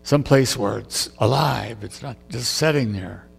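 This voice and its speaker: A man's voice: medium pitch, a little slow, gravelly, husky, big-room sound. A man preaching a conversational sermon, musing aloud as he retells a story.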